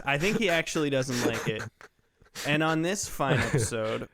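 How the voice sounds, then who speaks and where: A man's voice: medium pitch, a little slow, a bit bright. A man hosting a casual gaming podcast, jokey and rambling, laughing often as he talks into a podcast mic. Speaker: podcast host. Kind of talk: casual chat.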